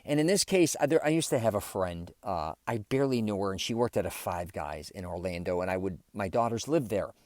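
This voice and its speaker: Male solo podcaster, lowish voice, dry close sound, candid rambling delivery with fillers. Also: animated, brisk, hardly any pauses, dry recording. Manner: rambling, candid, self-reflective with many fillers. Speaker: podcast host. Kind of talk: casual solo podcast monologue.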